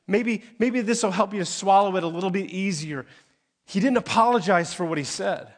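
A man preaching a sermon as pastor, conversational and direct with his congregation, swinging from emphatic peaks to quiet asides. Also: high-pitched.

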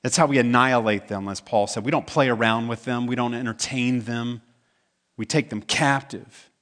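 A man's voice: medium pitch, steady tone, moderate pace, fairly bright tone. A man preaching a sermon as pastor, talking in a conversational way and asking the congregation questions. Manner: acts out quoted voices in the stories.

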